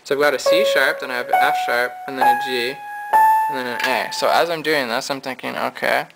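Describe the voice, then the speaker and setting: Gravelly man giving a relaxed piano lesson. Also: brisk, poor audio. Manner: relaxed, low-energy, thinking aloud. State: losing his voice. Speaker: piano teacher. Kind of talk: casual video lesson. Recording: piano playing behind.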